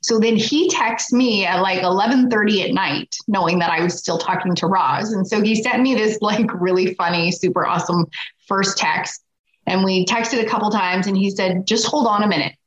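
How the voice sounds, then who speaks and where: A woman guest in casual conversation, telling a long personal story with lively quoted voices. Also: medium pitch, normal speed. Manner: animated, acts out quotes. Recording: echoey room, dull lo-fi sound.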